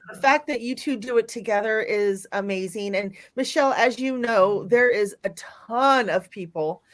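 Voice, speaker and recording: A woman's voice: a little high, normal speed. A woman hosting a live chat, chatty and upbeat, addressing viewers and guests directly. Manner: warmly upbeat, chatty, reads viewer messages. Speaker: live-stream host. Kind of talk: casual live-stream hosting.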